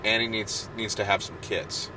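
A man's voice: fairly low pitch, flat delivery, normal speed, pushed and bright, a little hiss or hum, poor audio. A man hosting a podcast in casual chat, rambling and joking, often breaking off mid-sentence. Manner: rambling, joking, self-interrupting. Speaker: podcast host.

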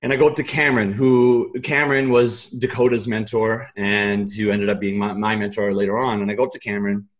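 A man as an interview guest, telling a casual, animated story in loose, colloquial speech with some swearing. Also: fairly low pitch, fairly quick, hardly any pauses. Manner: animated, acts out his own quoted thoughts.

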